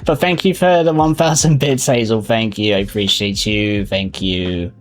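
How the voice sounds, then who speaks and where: A man's voice: fairly low pitch, normal speed, soft background music. A man chatting casually on a live stream, greeting viewers by name and laughing often.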